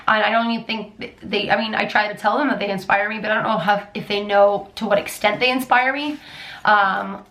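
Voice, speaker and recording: A woman's voice: medium pitch, a bit bright. A dance teacher and choreographer in a casual Q&A vlog, chatting in a rambling way and restarting her sentences often. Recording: echoey room.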